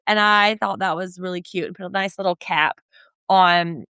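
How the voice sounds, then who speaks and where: A woman co-hosting a casual podcast, chatting loosely and cursing now and then. Her voice sits a little low and comes across smooth and clean. The sound is close and dry, with no room around it. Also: fairly even intonation, normal speed, sharp tone, no echo. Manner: chatty, swears casually, acts out quotes. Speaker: podcast co-host. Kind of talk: casual recap chat.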